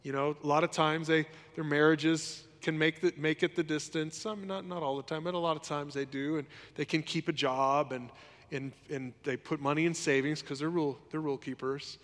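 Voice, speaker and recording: A man's voice: on the high side, steady tone, moderate pace, a bit bright. Preaching man in a reverberant hall. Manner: conversational preaching with repeated phrases. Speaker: pastor. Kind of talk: sermon.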